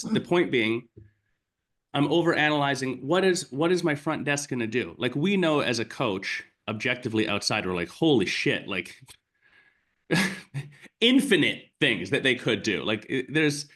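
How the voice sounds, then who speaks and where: A man's voice: mid-range voice, a bit bright. A man business coach in casual chat, blunt and emphatic, swearing freely as he explains his point step by step.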